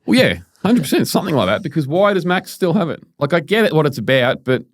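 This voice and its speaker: A man hosting a casual podcast, animated and swearing freely. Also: a little high, fast. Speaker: podcast host.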